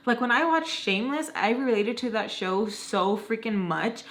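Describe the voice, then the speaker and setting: A woman's voice: a little high, moderate pace, a bit bright. A young woman in her twenties telling a storytime vlog, chatty and slangy, filling her talk with "like". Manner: chatty, slangy, heavy use of "like". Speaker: vlogger.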